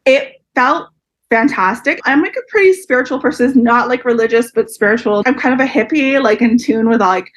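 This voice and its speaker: A woman's voice: a little high, normal speed. Candid woman in her forties. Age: 40s. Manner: open, emotional, quotes others in lively voices. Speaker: podcast guest. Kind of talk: candid personal interview.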